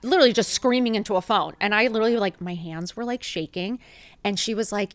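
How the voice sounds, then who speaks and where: A woman's voice: mid-range voice, fast talker, no echo. A woman in her fifties, a podcast guest, telling a personal story with emotion, swearing freely and acting out the dialogue. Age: 50s. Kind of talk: candid storytelling interview.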